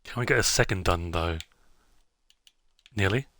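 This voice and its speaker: Low, bright-toned streamer man chatting. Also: measured pace, slight background noise. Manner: rambling, self-interrupting, many fillers. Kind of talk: casual gameplay chat.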